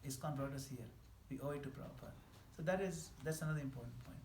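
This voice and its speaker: A man giving a scripture class in a temple hall, animated and emphatic, laughing at his own examples. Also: medium pitch, fast, slight background noise. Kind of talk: scripture class lecture answering questions. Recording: echoey hall with faint ambience.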